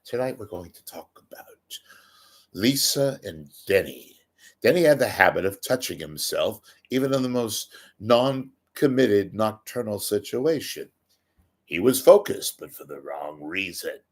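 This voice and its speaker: A man putting on a pompous British accent as a mock seminar speaker, with drawn-out, mock-elegant delivery. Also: lowish voice, sing-song, heavily acted. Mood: mock solemn.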